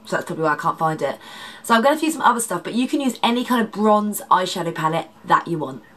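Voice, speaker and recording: A congested woman talks through a makeup tutorial, her voice nasal and a little husky. She chats casually, wandering into asides, and sits a touch low in pitch for a woman. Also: animated, racing, fairly bright tone. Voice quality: slightly husky, dodgy voice. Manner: chatty, rambling asides. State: congested, nasal from hay fever. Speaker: makeup artist.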